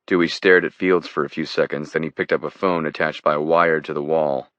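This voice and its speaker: Male audiobook narrator, very low voice, steady and measured; dry, dull recording. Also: no echo. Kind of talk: scripted thriller narration.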